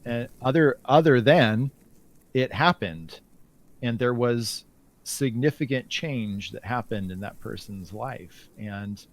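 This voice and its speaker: A man talking as an interview guest in casual conversation, halting, with many restarts and fillers. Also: mid-range voice.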